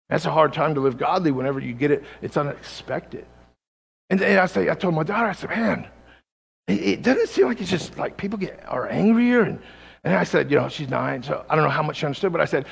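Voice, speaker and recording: A man preaching a sermon as pastor, swinging from quiet low passages to loud, near-shouting stories, in a church sanctuary. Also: fast talker, vocal fry. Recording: long reverb from a large hall.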